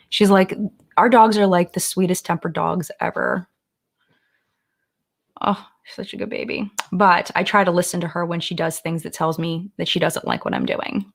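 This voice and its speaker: A woman's voice: on the low side, creaky. A woman hosting a casual live-stream chat from home, gushing and chatty with lots of "like", sliding into sing-song baby talk for her dogs.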